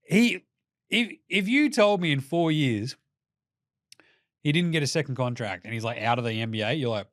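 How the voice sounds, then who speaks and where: A man's voice: mid-range voice, animated, normal speed, pauses often, fairly bright tone, dry recording, clean studio sound. A man with an Australian accent hosting a casual basketball commentary show. He talks in a jokey, profane way and mocks teams in put-on voices. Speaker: basketball podcast host.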